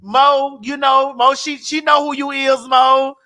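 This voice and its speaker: A woman's voice: high-pitched, level tone, a little slow, pushed and bright. A woman hosting a talk show, brash, playful and profane in casual chat with her guest. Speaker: host. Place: home.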